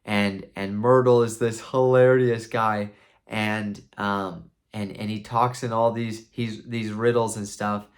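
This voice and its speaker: A man's voice: fairly low pitch, flat delivery, slow pace. A man casually and enthusiastically retelling a book for a review, rambling with many restarts.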